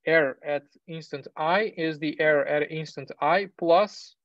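A man lecturing on engineering in a fairly high voice, stepping through ideas with fillers, self-corrections and the odd "right?". The sound is dry and close, with a dull, lo-fi tone like a classroom recording. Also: unhurried, no echo. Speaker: university lecturer. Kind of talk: technical lecture.

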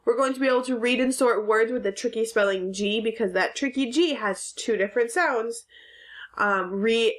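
A woman's voice: fairly high pitch, moderate pace, fairly bright tone. A woman teaching a recorded phonics lesson to children, patiently sounding out letters and words.

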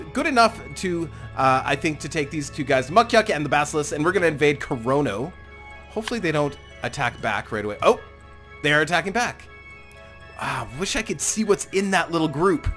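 A man giving casual gameplay commentary as a let's play host, excitable and thinking aloud, chuckling often. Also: on the high side. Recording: game music playing under the voice.

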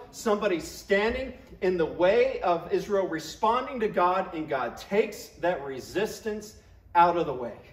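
A male pastor preaching a sermon, emphatic and acting out scripture quotes in different voices. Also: high voice. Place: church sanctuary. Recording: echoey church room.

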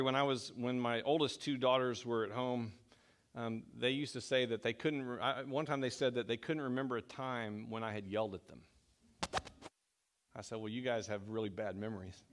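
In a church sanctuary, a middle-aged man preaches as pastor with a medium-pitched, fairly bright voice. His sermon is conversational and self-deprecating, and he frequently starts his sentences over.

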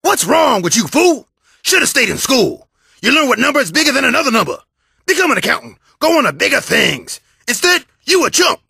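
A man voicing a big, tough bandicoot brother in a cartoon video game, gravelly and raspy, talking in clipped street slang. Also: very high-pitched, big pitch swings, brisk, pushed and bright, dry recording, clean studio sound, heavily acted. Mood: scolding.

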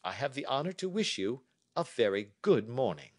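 A man's voice: mid-range voice, sing-song, normal speed, voice pushed up. A man voicing a cool, reserved detective in a storybook read for learners, speaking coldly and formally. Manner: cold and formal.

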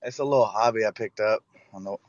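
A man's voice: fairly low pitch, fast, dry recording. Brief: easygoing man, casual chat, dull dry close mic. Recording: dull muffled audio.

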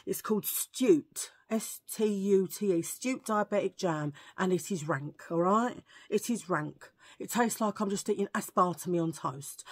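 A woman's voice: fairly low pitch, slightly rough. A tired woman vlogger chatting to camera in a rambling, self-mocking way. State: tired from poor sleep. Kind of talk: casual chat to camera.

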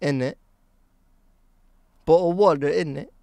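A man's voice: unhurried, gravelly, dry recording. A man doing an exaggerated, playful put-on British accent as a slangy young bloke. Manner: exaggerated, playful, higher and louder.

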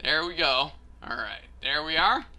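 A man's voice: on the high side, lively intonation, a little slow, sharp tone. A man commentating his own gameplay, getting frustrated, laughing and cursing at failed jumps. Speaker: let's play gamer.

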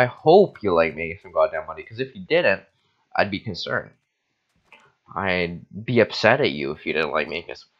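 A tipsy young man rambling and swearing as he hosts a casual Minecraft building session, mocking himself as he plays. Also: low voice. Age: young adult. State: tipsy from wine. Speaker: host. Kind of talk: casual Minecraft let's-play chatter. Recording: dull lo-fi recording.

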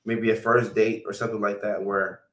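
Man, low voice, loose chatty host, live stream reading comments, roomy echo, distant mic. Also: level tone, fairly quick. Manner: loose and chatty, lots of fillers. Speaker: health care provider hosting a live stream.

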